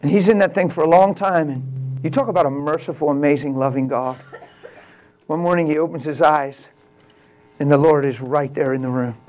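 A male pastor preaching a sermon, telling a story and swinging from quiet, slow lines to loud exclamations. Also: a little high, steady tone.

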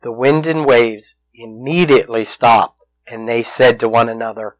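A man's voice: medium pitch, moderate pace, no echo, low-quality recording. A man preaching a sermon, telling a story with acted-out voices and questions to the congregation. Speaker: pastor.

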